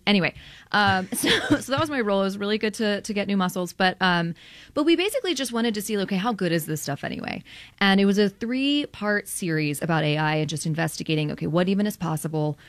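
A woman's voice: mid-range voice, dry recording. A woman journalist being interviewed, talking animatedly in a conversational way, with frequent laughs and lots of "like" fillers. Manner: animated, quick, laughs often, many "like" fillers. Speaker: radio journalist guest.

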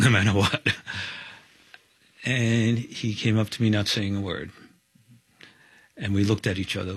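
A man, a former fire chief, giving halting, measured interview testimony. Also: lowish voice, slightly rough, dry recording. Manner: halting, measured, pauses and restarts. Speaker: fire chief recalling the attack.

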